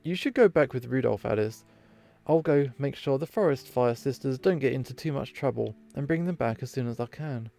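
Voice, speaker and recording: A man voicing a calm, kind female reindeer who tries to keep the peace. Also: medium pitch, brisk, creaky, soft background music. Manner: gentle and reasoning.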